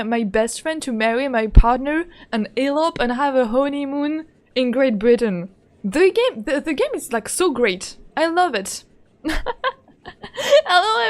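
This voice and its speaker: A woman's voice: high-pitched, a little mellow. A woman streaming a game in casual, playful chat, speaking English as a second language and giggling often as she greets her viewers.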